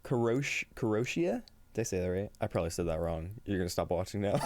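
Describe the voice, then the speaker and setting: With a slight hiss or hum in the background, a man chats casually on his livestream in a low, expressive, slightly mellow voice, speaking fast. He's upbeat, laughs frequently, and reads chat aloud, though tiredness and a little shakiness come through.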